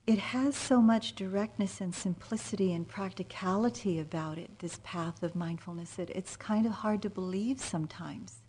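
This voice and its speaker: A woman meditation teacher giving a dharma talk, speaking softly and unhurriedly, often trailing into near-whispers, with frequent gentle fillers. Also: mid-range voice, normal speed, hardly any pauses, breathy edge. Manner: soft-spoken, drifting into near-whispers. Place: meditation retreat center.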